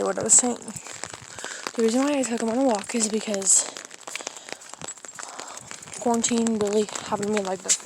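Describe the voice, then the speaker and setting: A teenage girl chatting and rambling into a handheld phone while walking her dog outside in the rain. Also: on the high side. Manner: rambling, giggly, chatty storytelling. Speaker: vlogger. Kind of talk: casual vlog chat. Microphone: handheld phone camera. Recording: rain noise over the voice. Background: rain on an umbrella.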